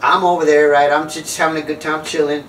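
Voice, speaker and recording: A man's voice: on the high side, level tone, fairly quick, fairly bright tone, reverberant, distant mic, slight background noise, low-quality recording. A man telling a funny story and preaching, acting out other people in squealing voices and laughing at his own jokes. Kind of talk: comic storytelling monologue.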